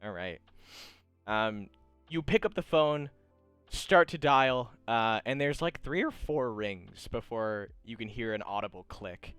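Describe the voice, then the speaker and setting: Lively, clear-voiced male game master. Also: medium pitch, unhurried, no room sound, faint music behind. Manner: chatty, laughing, scene-setting. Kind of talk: narrating a tabletop game.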